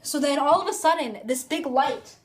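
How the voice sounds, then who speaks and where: Chatty young woman vlogger, high voice, phone-recorded storytime. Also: moderate pace. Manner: chatty, rambling, filler-heavy "like". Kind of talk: casual storytime.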